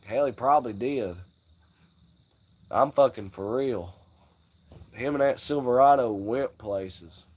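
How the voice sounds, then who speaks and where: A man's voice: medium pitch, a little mellow. A man hosting a livestream, telling crude, rambling stories in casual chat with frequent laughs. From Southern United States. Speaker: livestream host.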